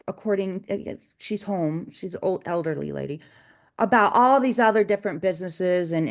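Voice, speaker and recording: A woman co-hosting a casual business podcast, telling work stories in a chatty, meandering way. She restarts her sentences often and keeps a steady, mid-range pitch. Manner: chatty storytelling with frequent restarts and laughs. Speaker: cleaning business owner, co-host.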